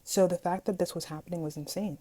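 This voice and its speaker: A young woman vlogger telling a story from school in an animated, dramatic way, acting out what people said. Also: on the low side, quick pace. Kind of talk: casual storytime vlog.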